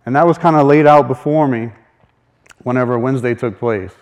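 A man's voice: medium pitch, a little fast, darkish tone. A man sharing a faith testimony as a folksy, chuckling storyteller who acts out the voices of people in his story. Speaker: speaker sharing a personal testimony.

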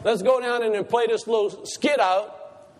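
A man's voice: very high voice, moderate pace, darkish tone. A man preaching a sermon to a congregation, asking them questions and repeating his points for emphasis. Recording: reverberant church hall.

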